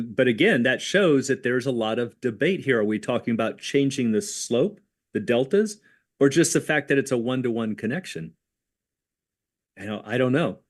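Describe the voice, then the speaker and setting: A man co-hosting a livestreamed options lesson, explaining tax rules in a conversational way with worked examples. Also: medium pitch. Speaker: options educator co-host.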